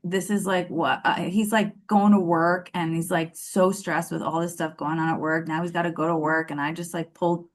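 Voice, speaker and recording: Lowish-voiced woman telling a story. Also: moderate pace, hardly any pauses. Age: 30s. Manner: animated, acts out quoted dialogue, many fillers. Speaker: guest telling her love story. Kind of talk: casual storytelling interview.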